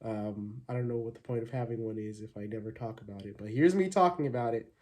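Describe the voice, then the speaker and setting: A man's voice: on the low side, quick pace, darkish tone. A man hosting his own channel, talking casually to viewers in an upbeat, rambling way with many fillers and restarts. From Arizona, USA. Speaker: channel host. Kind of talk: casual thank-you vlog.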